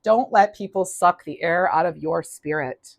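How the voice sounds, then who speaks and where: A woman's voice: lowish voice, moderate pace, gravelly, no echo. A woman giving a casual, upbeat tarot reading, chatty with many restarts. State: clearing throat, losing voice. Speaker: tarot reader.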